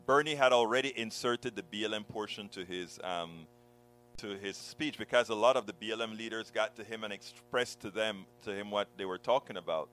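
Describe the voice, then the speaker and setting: A man's voice: fairly low pitch, a little fast, a bit bright, rough recording. A blogger and speaker telling a personal story with passion, often repeating words and starting over as he acts out what people said.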